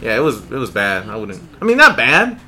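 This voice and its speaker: A man's voice: mid-range voice, huge pitch swings, brisk, pushed and bright. A man telling an anecdote in easygoing podcast chat. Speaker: podcast co-host. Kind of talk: casual chat.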